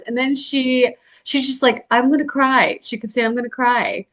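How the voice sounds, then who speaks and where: Een expressieve vrouw met een vrij hoge stem. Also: female voice, on the high side, a little slow, hardly any pauses. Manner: expressive storyteller, acts out quotes. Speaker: podcast co-host. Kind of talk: casual chat.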